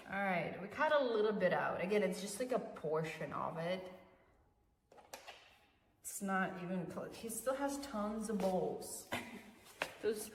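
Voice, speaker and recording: A woman's voice: medium pitch, recorded from a distance, a little hiss or hum. A young woman vlogging in casual chat as she grooms her cat, mixing English and Russian, fussing over the animal. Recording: echoey room, voice from off-mic.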